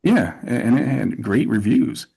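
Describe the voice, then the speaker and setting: A man in a casual interview, telling animated stories with lots of restarts and asides. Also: mid-range voice, unhurried, creaky, slightly rough. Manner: animated storytelling with repeated restarts. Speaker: actor, interview guest.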